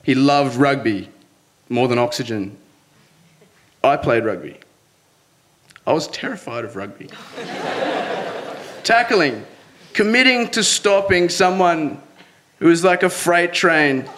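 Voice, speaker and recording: A man's voice: sits high, fairly bright tone. A young man telling a personal story to an audience in an earnest way, often breaking into nervous laughs.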